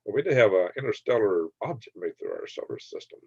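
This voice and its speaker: A man's voice: lowish voice, animated, quick pace, vocal fry, dark tone, breathy edge, no echo. A man hosting a late-night livestream, joking, laughing often and reading chat comments aloud. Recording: dry, slightly dull sound.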